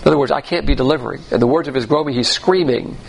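A man delivering an expository sermon in a gravelly, creaky voice. He teaches in a measured way and spells Greek terms letter by letter. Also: mid-range voice, rough recording. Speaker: Bible teacher.

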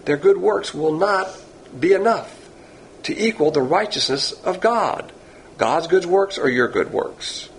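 Man, Bible teacher, gravelly voice, faint hiss behind, emphatic, drawn-out stresses. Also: sits high, animated, low-quality recording.

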